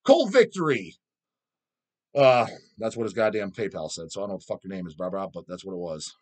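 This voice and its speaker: A man's voice: deep voice, fast. Foul-mouthed man ranting. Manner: blunt, crude, swears constantly. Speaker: channel host answering viewer questions. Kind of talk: profane casual rant.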